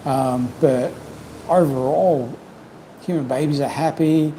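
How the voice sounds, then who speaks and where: A man hosting a casual livestream chat, rambling and reflective, full of "you know", his voice slightly croaky from long talking. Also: fairly high pitch, takes it slowly, warm tone, slight background noise, rough recording. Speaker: livestream host. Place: home in Cambodia.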